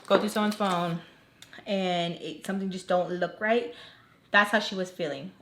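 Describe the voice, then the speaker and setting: A woman's voice: on the low side, steady tone, moderate pace, a bit bright, slight background noise. Chatty young woman telling a story. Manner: chatty, heavy use of "like", acts out quoted lines. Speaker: storytime vlogger. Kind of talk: casual storytelling while doing makeup.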